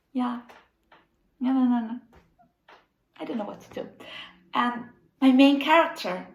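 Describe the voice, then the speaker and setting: A woman's voice: high-pitched, fairly bright tone, echoey room, exaggerated voice, rough recording. A woman playing a frantic melodramatic young organizer. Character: distraught young woman organizer, overly dramatic. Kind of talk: comedic video-call sketch. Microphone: video call.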